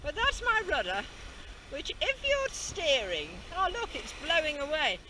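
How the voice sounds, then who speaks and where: A chatty Englishman narrates his sailing holiday in a high, sing-song voice and pokes fun at himself. The camera sits out at sea, so heavy wind noise buffets the sound. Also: huge pitch swings, unhurried. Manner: chatty, joking, self-mocking. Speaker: vlogger. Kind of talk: casual holiday vlog. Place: outdoors by the sea, on a small sailboat. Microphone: small camera held or worn.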